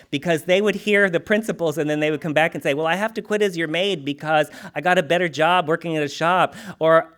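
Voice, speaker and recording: A man giving an animated, humorous, conversational spiritual talk to a congregation. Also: mid-range voice. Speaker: spiritual teacher.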